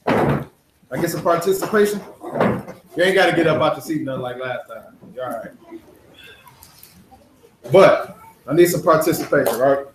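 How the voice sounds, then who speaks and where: A man leading a casual, interactive Sabbath lesson, asking the congregation questions and talking in relaxed slang. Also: a little high, normal speed, pauses often, a little hiss or hum. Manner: conversational, asks the congregation questions, uses slang. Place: congregation hall. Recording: echoey hall.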